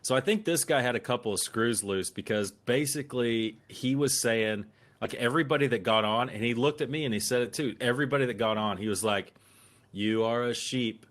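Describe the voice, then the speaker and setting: A man co-hosting a casual podcast, telling a profane anecdote with lively acted-out quotes. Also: medium pitch, fairly quick. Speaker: occasional co-host.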